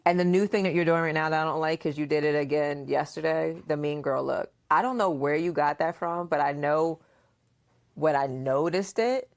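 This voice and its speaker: A woman hosting a casual podcast chat, asking questions and acting out remembered dialogue in a playful, animated way. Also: low voice, moderate pace, gravelly. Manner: frequent laughter and questioning. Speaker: podcast host and mother.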